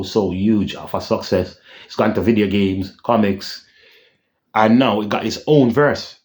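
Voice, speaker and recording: Rambling man with a low voice. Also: darkish tone. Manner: rambling, repeats himself, tag questions like "yeah?". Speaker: channel host. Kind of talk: casual vlog rant.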